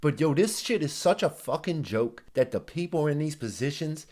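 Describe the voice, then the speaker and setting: A man rants sarcastically through a reaction video, swearing at every turn. His voice sits a bit high and leaps all over the place as he mocks people by mimicking them. The energy stays heated and scornful throughout. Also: expressive, normal speed, darkish tone. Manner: mimics others in exaggerated voices. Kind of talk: profane ranting commentary.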